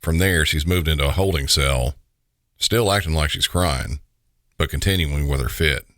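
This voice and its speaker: A man's voice: very deep voice, moderate pace, fairly bright tone, no echo, studio quality. A man with a Southern US accent, hosting a podcast and telling the story in a wry, conversational way. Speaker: podcast host. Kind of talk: scripted narration.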